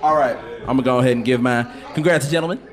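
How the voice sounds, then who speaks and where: A man's voice: medium pitch, racing. A man co-hosting a sports talk show, chatting casually and laughing often as he rambles through his point. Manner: laughs often, playful, rambling, puts on quoted voices.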